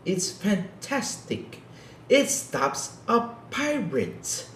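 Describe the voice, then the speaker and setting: A man putting on a dopey, slow-drawling male gaming commentator, each word stretched far past normal speed and pitched up above his usual voice. The voice sounds set back from the mic in an echoey room, with a lively, sing-song lilt. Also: full character voice. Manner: very slow, drawn-out delivery.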